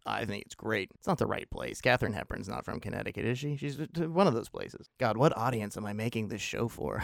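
A man's voice: fairly low pitch, animated, fairly quick, gravelly, few pauses, no room sound, clean studio sound. A man casually reviewing a film on his show, opinionated and rambling, with wry self-deprecating asides.

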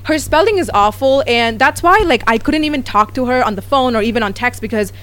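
A woman and vlogger telling gossip stories in a lively casual chat, often quoting others. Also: fairly high pitch, a little fast. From United States. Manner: animated storytelling, quoting others.

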